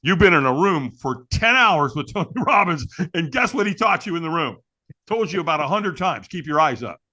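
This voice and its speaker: A man's voice: fairly high pitch, sing-song, brisk, bright, forceful tone, voice pushed up, heavily acted. A man voicing a blunt male trainer who barks orders at a nervous firewalker as he retells the moment. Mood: insistent. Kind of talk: storytelling quote.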